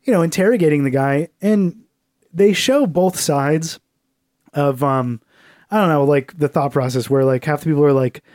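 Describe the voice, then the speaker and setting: A man's voice: on the high side, normal speed, darkish tone, no room sound, studio quality. Profane laid-back man in casual chat. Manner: loose and profane, full of fillers, slips into mocking voices. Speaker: podcast co-host.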